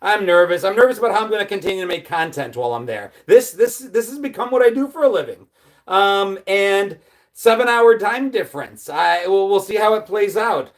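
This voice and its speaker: A man's voice: high-pitched, lively intonation, fairly quick. An American man in his forties hosting a casual livestream, talking in an anxious, rambling, self-deprecating way. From United States. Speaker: livestream host. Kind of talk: casual live chat reading viewer comments.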